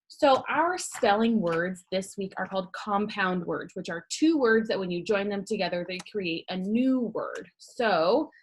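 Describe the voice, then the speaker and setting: A woman's voice: medium pitch, slight background noise. Young female grade-school teacher, remote class, cheerful step-by-step explainer. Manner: upbeat, patient, explains step by step. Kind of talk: remote lesson to young students.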